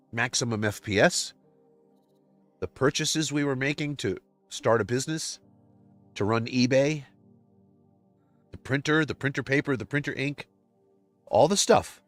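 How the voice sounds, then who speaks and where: An upset man speaks straight into the mic on a livestream, venting with passion. His voice sits at an ordinary middle pitch, and the sound is dry with no room echo. Faint music plays softly behind him. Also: unhurried, pauses often. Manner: impassioned and venting, swinging between quiet and loud. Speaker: livestream host. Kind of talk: emotional personal monologue.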